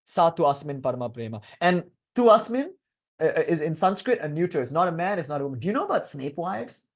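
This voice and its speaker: Young guy teaching a class, goofy and chatty, kinda high voice. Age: 20s. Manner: lively, digressive, quick to laugh. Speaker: lecturer on bhakti philosophy. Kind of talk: casual, joking lecture to a live class.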